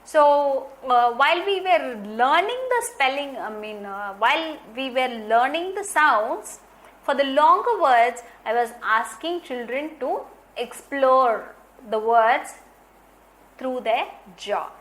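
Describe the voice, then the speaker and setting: A woman training teachers in phonics, explaining points slowly and deliberately and repeating key ideas. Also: high-pitched, expressive, fairly bright tone. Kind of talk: instructional lecture.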